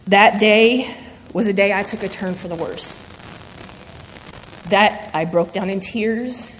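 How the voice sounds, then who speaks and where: A woman sharing a personal faith testimony before her church, speaking earnestly and haltingly through emotion. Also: mid-range voice, slight background noise. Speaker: church member giving testimony. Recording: long reverb of a large hall.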